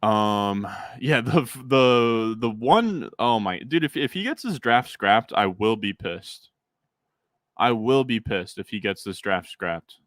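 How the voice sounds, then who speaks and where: A man's voice: mid-range voice, animated, measured pace, hardly any pauses, fairly bright tone, no room sound. A young man streaming a fantasy football draft, chatting casually with his chat and rambling through fillers.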